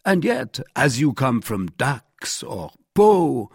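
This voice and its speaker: A man voicing a proud, gracious nobleman musketeer in an audiobook, speaking in a measured, ironic way. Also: medium pitch, big pitch swings, gravelly, breathy edge, no room sound, studio quality, voice pushed up, heavily acted.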